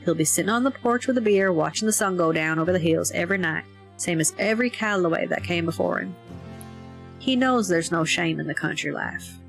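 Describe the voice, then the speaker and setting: A woman's voice: lowish voice, brisk, vocal fry, soft background music. A woman doing a folksy old farmer. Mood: wry grumbling. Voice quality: folksy, plain-spoken. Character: gruff older mountain man farmer, blunt.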